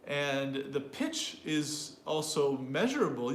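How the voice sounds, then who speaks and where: Male co-host, middle pitch, loose rambling explainer, roomy echo. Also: normal speed. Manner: rambling, restarts, playful demonstrations of voices. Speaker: co-host, English teacher. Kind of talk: casual explanatory chat. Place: room with a piano. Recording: echoey room, faint ambience.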